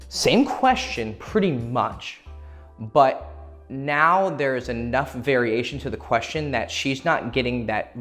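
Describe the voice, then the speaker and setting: A man's voice: mid-range voice, lively intonation, slow, a bit bright, soft background music. A man coaching on dating in a casual, profane way, acting out short quoted exchanges as he explains. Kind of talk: instructional talk to camera.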